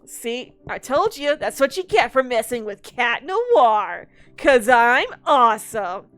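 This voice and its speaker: A cocky teen superhero boy who never stops bragging, as a woman puts him on. His voice sits high and clear, and every line drips with self-satisfaction. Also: very animated, slow, fairly bright tone, heavily acted. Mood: smug.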